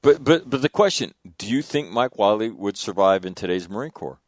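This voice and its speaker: A man's voice: on the low side, animated, brisk. A man hosting a talk radio panel, emphatic and profane, often stacking repeated words as he pushes a point. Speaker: radio show host. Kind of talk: casual panel discussion.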